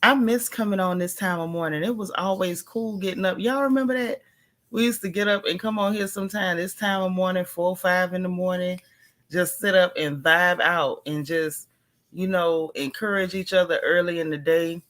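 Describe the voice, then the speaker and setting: A woman's voice: lowish voice, fairly even intonation, normal speed, fairly bright tone. A woman hosting a casual early-morning livestream, talking in a half-whisper, a little tired after a migraine and greeting viewers by name. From Texas. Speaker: livestream host.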